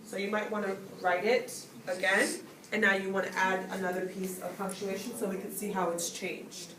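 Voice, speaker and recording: Distant teacher in an echoey classroom. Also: female voice, medium pitch, little pitch movement, moderate pace. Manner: instructive, calls on students and asks questions. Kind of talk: classroom grammar lesson. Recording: echoey classroom, distant mic, background noise.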